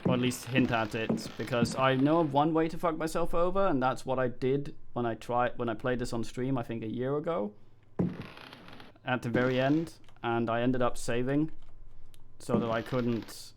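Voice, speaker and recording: A man's voice: mid-range voice, normal speed, background noise. A man streaming a game live, talking casually in a rambling, mumbling way with frequent swearing.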